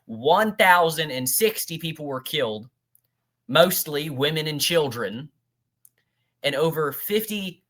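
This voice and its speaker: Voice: mid-range voice, animated, takes it slowly, fairly bright tone. Heated commentator ranting back at a speech. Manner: ranting, addresses the speaker directly, scornful. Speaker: political commentator.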